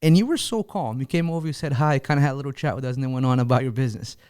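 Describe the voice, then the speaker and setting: A man's voice: mid-range voice, darkish tone, clear, resonant tone. A man hosting a podcast who asks questions eagerly, with frequent restarts and laughs. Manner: eager and fast, with false starts and laughs. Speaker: podcast host. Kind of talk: casual interview chat.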